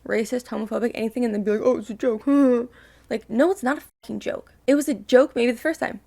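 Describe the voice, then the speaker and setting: A woman's voice: fairly high pitch, fairly quick, creaky, dark tone. A young woman hosting a reaction video, talking casually and emotionally, ranting and swearing freely.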